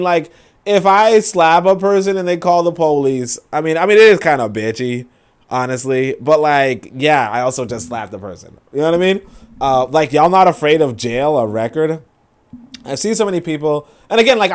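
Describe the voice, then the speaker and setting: Man ranting profanely in a higher voice. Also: lively intonation, moderate pace, clean tone. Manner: profane, rambling rant with many fillers. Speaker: podcast host. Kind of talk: casual commentary reacting to posts.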